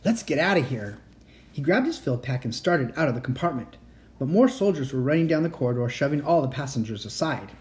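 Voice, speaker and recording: A home reader reading a children's chapter book aloud. The voice is dark and mellow, and the pitch moves a lot through the story. There are occasional slips and restarts. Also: lively intonation, quick pace.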